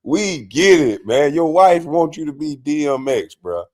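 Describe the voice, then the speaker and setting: Man, live stream host, profane, mocking, laughs a lot, slightly high voice. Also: very animated, measured pace, darkish tone. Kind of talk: mocking live commentary on a clip.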